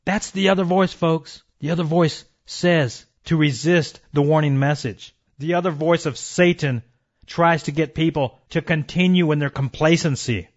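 A man's voice: fairly high pitch, normal speed, muffled recording. A man preaching an emphatic sermon, calling his listeners folks and warning them of judgment.

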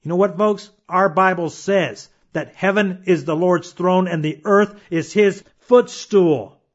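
Man preaching, fairly high voice, emphatic with rhetorical questions, dull lo-fi recording. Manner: emphatic, slows down to read scripture, rhetorical questions. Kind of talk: sermon. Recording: dull lo-fi sound.

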